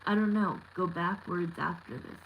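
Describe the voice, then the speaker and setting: A woman's voice: on the low side, moderate pace, lo-fi sound, a little hiss or hum. A woman in her thirties giving a live tarot reading, talking candidly and bluntly with lots of fillers. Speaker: tarot reader.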